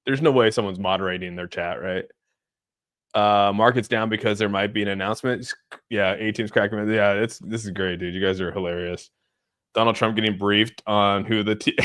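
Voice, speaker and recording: A man's voice: fairly low pitch, moderate pace, a bit bright, clean tone. A young man hosting a live crypto stream, reacting to his chat with frequent laughter and lots of "dude". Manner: laughs often, says "dude" a lot, giddy and amused. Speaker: crypto livestream host.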